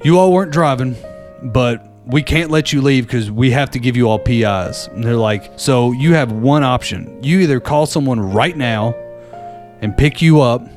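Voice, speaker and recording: A man's voice: mid-range voice, moderate pace, soft background music. A man calling in to a show, telling a story casually, laughing often and acting out the lines of the people in it. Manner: animated, laughs often, acts out others' lines. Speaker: caller. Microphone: phone call-in.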